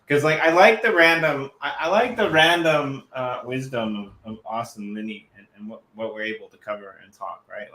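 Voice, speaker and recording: A man's voice: medium pitch, bright, forceful tone. A male talk show host speaking loosely and jokingly, with many fillers. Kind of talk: casual chat. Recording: echoey room.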